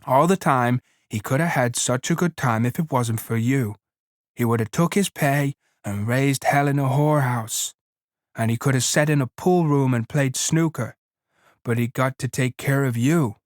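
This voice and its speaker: A man voicing a stern old aunt who scolds in a sharp rural drawl. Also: mid-range voice, normal speed, no echo, clean studio sound, close to an everyday voice. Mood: scolding.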